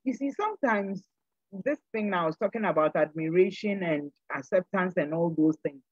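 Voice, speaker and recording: A woman's voice: on the low side, expressive, normal speed, breathy edge, no echo, highs cut off. An older woman speaking as a guest on a church program, giving an earnest, sermon-like exhortation and repeating phrases for emphasis. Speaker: panel guest.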